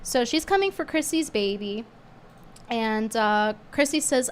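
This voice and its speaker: A woman streamer in casual commentary, talking sarcastically and animatedly, flaring up indignantly, her voice going a little hoarse. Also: on the high side, lively intonation, a little slow, a little hiss or hum.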